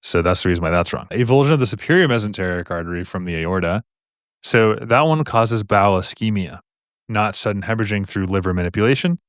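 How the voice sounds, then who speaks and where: A man with a fairly low voice walks through medical exam questions in a live stream. He talks in a casual, upbeat way, repeats himself for emphasis and throws in slangy asides. He sounds close and dry, with no room around him. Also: fast talker, clean tone, dry recording.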